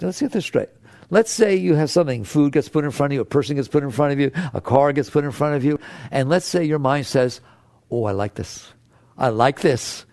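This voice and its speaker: Male spiritual teacher, high gravelly voice, animated and playful, acts out inner voices. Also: no echo, clean studio sound. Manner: animated and playful, swinging from low hushed tones to high excited exclamations. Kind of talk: spiritual talk to an audience.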